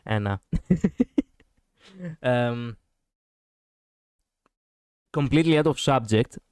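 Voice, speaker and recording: Brief: young male streamer, smooth clear voice, lively commentary, keeps laughing and tripping over words. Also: medium pitch, slow pace, no room sound, studio quality. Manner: animated, laughs often, stumbles and restarts. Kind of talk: casual gaming commentary, reading story text aloud.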